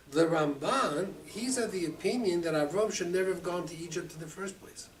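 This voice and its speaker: A rabbi teaching a Torah class, lively and expressive, acting out the quotes and mixing in Hebrew terms. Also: male voice, high-pitched, brisk, few pauses, soft background music. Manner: animated, acts out quotes, mixes Hebrew terms. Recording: distant mic with faint room ambience.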